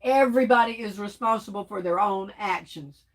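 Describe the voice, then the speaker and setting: A woman's voice: mid-range voice, a little fast. A woman hosting a casual livestream, chatty and laughing often as she reads viewer comments aloud. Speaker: livestream host reading chat.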